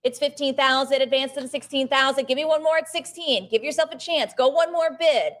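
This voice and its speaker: At a live auction, a woman auctioneer briskly chants the numbers as she calls bids, coaxing bidders to go one more and adding short remarks about the art. Her voice is high and a bit bright.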